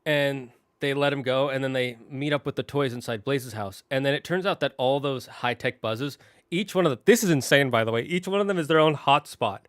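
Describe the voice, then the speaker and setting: A man's voice: mid-range voice, a little fast, fairly bright tone, clean tone, no echo. Dry-voiced man rambling through a recap. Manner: rambling, self-correcting storyteller; emotional, tearing up. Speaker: gaming channel host. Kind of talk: casual plot recap.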